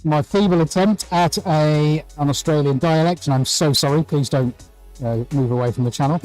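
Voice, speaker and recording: A man's voice: a little high, moderate pace, darkish tone, soft background music, low-quality recording. A man hosting a live painting tutorial from his art studio, chatting cheerfully and greeting viewers by name. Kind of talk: live-stream chat and demonstration.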